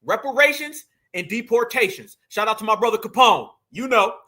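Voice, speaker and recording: A man's voice: very high-pitched, animated, normal speed, hardly any pauses, sharp tone. A man hosting commentary, talking heatedly and preachily, often calling his listeners family. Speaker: commentary channel host. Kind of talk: heated commentary reacting to a clip.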